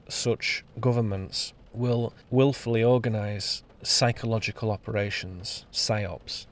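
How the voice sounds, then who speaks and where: Sardonic low-voiced man. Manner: emphatic, sardonic, stresses lists word by word. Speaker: podcast host and author. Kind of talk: improvised spoken-word essay. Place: on location.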